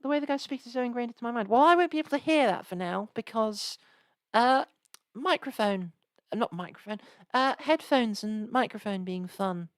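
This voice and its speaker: Woman, game streamer, rambling chat, fairly high voice, dry close sound. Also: expressive, normal speed, hardly any pauses, dry recording. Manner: rambling, chatty, lots of restarts and asides.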